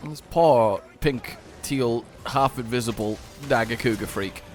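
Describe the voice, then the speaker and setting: A man's voice: medium pitch, measured pace, darkish tone, soft background music. A man co-hosting a gameplay video, chatting casually in a rambling way and laughing easily. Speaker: gameplay co-host. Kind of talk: casual gaming commentary.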